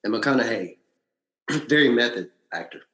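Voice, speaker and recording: Man telling a story in an echoey room. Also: moderate pace. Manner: animated storyteller, frequent restarts and big pitch swings. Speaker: podcast guest. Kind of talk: casual storytelling interview.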